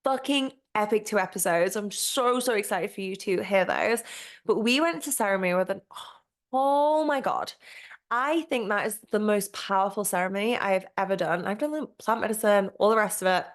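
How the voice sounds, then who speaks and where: A woman's voice: medium pitch, fairly quick. Candid, gushing woman podcast host. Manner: candid, gushing and heavy on swearing; chatty with frequent "like" and "um" fillers. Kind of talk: casual solo podcast monologue.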